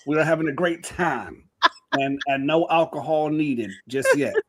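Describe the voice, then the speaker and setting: A man's voice: a little high, a little slow. A man co-hosting a podcast in casual chat, playful and teasing. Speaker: podcast co-host.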